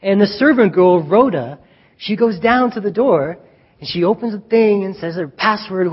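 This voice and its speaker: A male preacher giving an animated sermon, retelling a story and acting out the scenes. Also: high voice, moderate pace, husky. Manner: animated, acts out scenes, chuckles at own jokes. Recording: dull reverberant hall recording.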